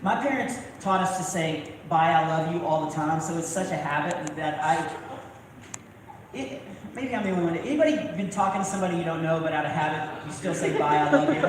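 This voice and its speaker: A man performing live stand-up comedy at a church event, telling stories in an animated way and often breaking off mid-thought. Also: sits high, quick pace, slight background noise. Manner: animated storytelling with frequent self-interruptions. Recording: far mic in echoey hall, loud crowd laughter.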